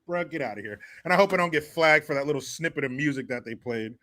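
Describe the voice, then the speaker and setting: A man's voice: fairly high pitch, fast talker, few pauses, pushed and bright. A man hosting a profane comedy commentary show, laughing often, cursing and mocking the clips he reacts to.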